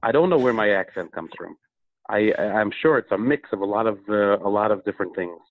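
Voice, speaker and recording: A man with a lowish voice speaks over a tinny, dry phone line. He is from Minnesota and talks about his music as a guest, hesitant, full of "uh" pauses. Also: no echo. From Minnesota, USA. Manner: halting, with many "uh" pauses. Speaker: singer, interview guest. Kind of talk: casual phone interview.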